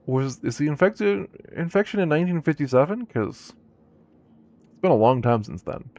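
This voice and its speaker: A man's voice: on the high side, very animated, normal speed, a little mellow, no echo. A man streaming a video game live, commenting playfully and joking back at the characters. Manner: playful, jokey, talks to the game.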